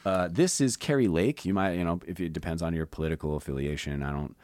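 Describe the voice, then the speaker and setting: A man hosting a podcast, rambling in an animated, conspiratorial way in casual chat. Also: deep voice, fast, no echo. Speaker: podcast host.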